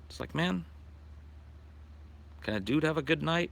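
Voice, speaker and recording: A man's voice: fairly high pitch, lively intonation, unhurried, vocal fry, fairly bright tone. A man chatting casually and profanely on a livestream, rambling about his day while sitting outdoors in his backyard at night. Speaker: streamer.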